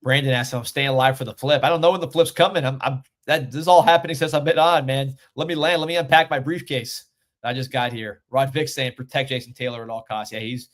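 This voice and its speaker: A man hosting a live sports recruiting show, talking casually and excitedly, reading viewer comments and rankings aloud with plenty of fillers. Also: medium pitch, quick pace. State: a little out of breath. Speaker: sports recruiting livestream host.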